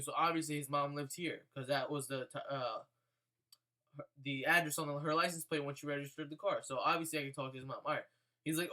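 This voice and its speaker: Bright-voiced young man telling a story. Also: on the high side, brisk. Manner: profane, animated storytelling. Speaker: vlogger. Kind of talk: casual storytelling vlog.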